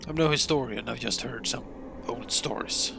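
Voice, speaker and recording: A man's voice: medium pitch, normal speed, gravelly, lightly acted. A man voicing a wary male half-orc in a tabletop game, speaking hesitantly and searching for words, with hiss behind him. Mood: curious.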